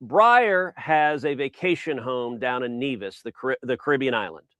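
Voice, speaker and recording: A man's voice: medium pitch, animated, normal speed, bright, forceful tone, no echo. A middle-aged man, a senator as interview guest, who often repeats his opening words and tells an anecdote.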